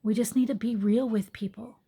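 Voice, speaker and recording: Husky, mellow-voiced woman musing earnestly. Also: on the high side, fairly even intonation, brisk. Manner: earnest, soft-spoken, drops to whispered asides. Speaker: yoga teacher. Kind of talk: reflective personal monologue. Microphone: phone.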